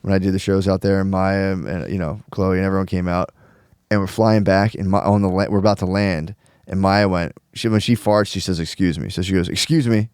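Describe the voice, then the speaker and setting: Animated storytelling man, low voice. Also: fairly quick, clean tone, no room sound, studio quality. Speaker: podcast co-host. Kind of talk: casual comedic chat.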